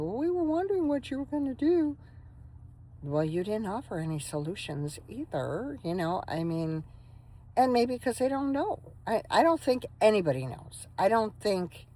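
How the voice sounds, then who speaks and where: A woman's voice: lowish voice, a little mellow, low-quality recording. A tired woman chatting casually to her phone camera from inside a parked van, sometimes breaking off to talk to her dog. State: tired, coughing. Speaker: van life vlogger. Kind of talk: casual vlog chat.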